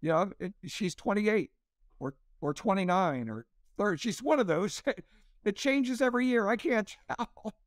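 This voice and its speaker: A man's voice: high-pitched, lively intonation, normal speed, no room sound, clean studio sound. A man in his sixties, a pastor and comedian, telling a story as an interview guest and acting out the quotes with a raised voice.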